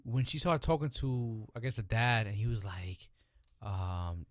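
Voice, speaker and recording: Animated, profane man in casual talk. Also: on the low side, dry recording. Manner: animated, profane, restless, quick to interrupt. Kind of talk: casual chat.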